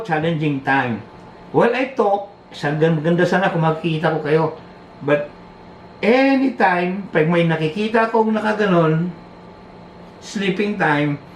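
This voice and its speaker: A man's voice: a little high, reverberant, slight background noise, rough recording. A man with a Filipino accent, a priest giving a lecture to lay preachers. He mixes Tagalog and English, repeats his key phrases, and laughs at his own stories.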